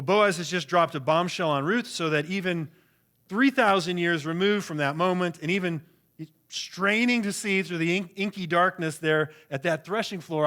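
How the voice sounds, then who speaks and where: A man's voice: sits high, fairly bright tone. A pastor preaching a sermon in an earnest, emphatic way, often repeating words as he goes. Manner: earnest, emphatic preaching with frequent word repetitions.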